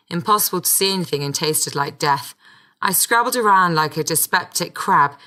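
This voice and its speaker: A woman's voice: deep voice, pushed and bright. A woman reading a first-person audiobook with a wry, sardonic storytelling manner. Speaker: audiobook narrator.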